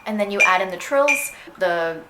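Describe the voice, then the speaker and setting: A woman's voice: medium pitch, animated, moderate pace. Chatty woman teaching clarinet, echoey room. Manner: casual, chatty, sings phrases aloud. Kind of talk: instructional music lesson. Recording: echoey room with faint noise.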